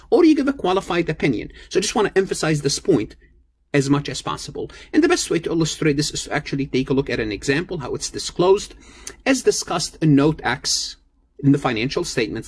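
A man's voice: on the high side, slightly rough. A man giving a recorded accounting lecture, emphatic and repetitive, often restarting phrases to stress key points. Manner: emphatic, repeats key points, self-corrects.

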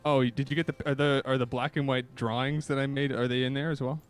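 A man's voice: mid-range voice, level tone, fast, soft background music. A man in an improvised comedy audition on a livestream, overeager and reciting with mock drama. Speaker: auditioning guest.

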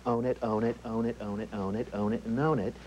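A man doing an impersonation of a breathy, brash tycoon who talks fast about real estate. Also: mid-range voice, little pitch movement, a little mellow, a little hiss or hum, natural voice. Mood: boastful. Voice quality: breathy, lots of air over the vocal cords. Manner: rapid, repetitive sales patter. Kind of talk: celebrity impersonation in an interview.

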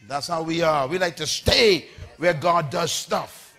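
A man preaching a sermon. He leads the congregation in call-and-response, spells out words for them and builds up to shouts. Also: on the high side, a little slow, vocal fry.

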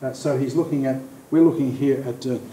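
A man teaching a Bible study in a warm, mellow voice. He talks in a halting, thoughtful way with fillers and restarts, and he slows down on key words. The recording sounds roomy and echoey, with a faint low rumble behind him. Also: fairly even intonation. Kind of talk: teaching, explaining scripture.

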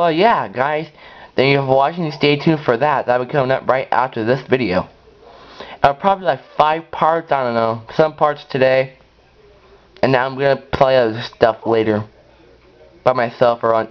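Hosting his gameplay channel, this man offers rambling, casual commentary in a mid-pitched voice. He's excitable, breaking into high yells, and the audio sounds dull and lo-fi.

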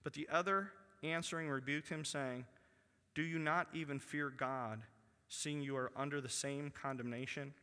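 A man preaching in a church, his bright, ringing voice sitting a little high for a man. He reads scripture aloud and sinks to near-whispers to stress a point. Long reverb from the hall trails every phrase. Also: steady tone, moderate pace, smooth. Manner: reads scripture aloud, dropping to a hushed voice for emphasis. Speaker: pastor. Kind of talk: sermon. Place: church sanctuary.

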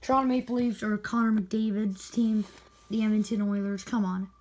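A woman hockey video creator giving excited spin-the-wheel commentary with indignant outbursts. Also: mid-range voice, moderate pace, poor audio.

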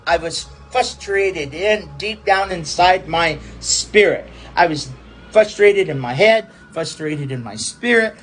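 A man, a pastor, telling a personal testimony in a halting, repetitive way, circling back over the same phrases. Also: a little high, expressive, a bit bright, soft background music, low-quality recording.

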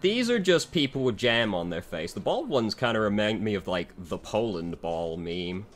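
A man's voice: lowish voice, sing-song, normal speed. A man giving dry, sarcastic commentary over a game he dislikes, swearing freely. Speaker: game reviewer.

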